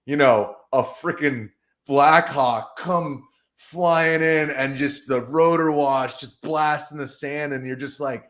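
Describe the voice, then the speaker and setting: A man in his thirties, a guest journalist, tells stories in a casual podcast conversation, imitating other people's voices along the way. His voice is on the high side and a bit bright, with fairly even intonation and a slow pace.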